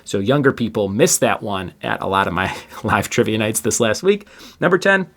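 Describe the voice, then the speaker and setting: A man's voice: fairly low pitch, animated, moderate pace, fairly bright tone. A man hosting a trivia podcast, reading each question twice and adding chatty asides between answers. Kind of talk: casual quiz reading.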